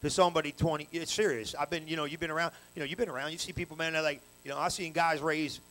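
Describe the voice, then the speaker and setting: A man preaching a sermon at a church service in a colloquial, storytelling way, full of slang, with energetic bursts that rise to loud peaks. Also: on the high side, rapid-fire, rough recording.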